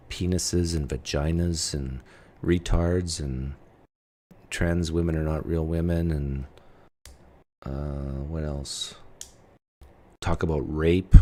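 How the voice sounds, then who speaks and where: A man's voice: low-pitched, a little mellow. A man hosting a livestream, talking bluntly and casually in a provocative, chatty way. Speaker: livestream host.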